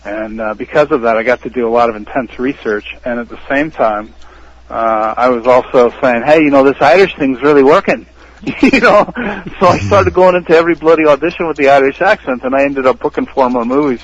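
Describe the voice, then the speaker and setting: An American man, an actor, tells his stories as a podcast guest, lively and quick to laugh. His voice sits at an ordinary middle pitch. It comes through a dull, lo-fi line that takes the top off the sound. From United States. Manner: animated storyteller who laughs often. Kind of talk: casual interview storytelling.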